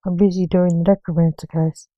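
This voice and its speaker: A woman's voice: lowish voice, level tone, brisk, no room sound, narrow, tinny audio, close to an everyday voice. A woman voicing a scared young male magician, the reaper king's son, speaking timidly and reluctantly.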